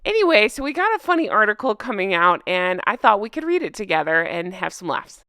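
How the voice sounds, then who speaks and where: A woman's voice: mid-range voice, sing-song, a little fast, sharp tone, clean tone, dry recording, clean studio sound. A woman hosting a casual commentary vlog, sarcastic and laughing often. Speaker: commentary channel host. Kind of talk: casual commentary vlog, reading news aloud.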